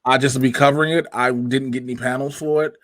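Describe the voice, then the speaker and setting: Brief: young Chicago man, podcast host, loose profane chat, animated, dry close sound. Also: medium pitch, fast, no room sound. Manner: profane, laughing, animated storytelling. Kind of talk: casual chat.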